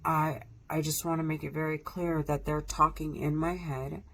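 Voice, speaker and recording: Low gravelly woman, agitated and profane. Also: little pitch movement, normal speed. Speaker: vlogger. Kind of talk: casual monologue to camera.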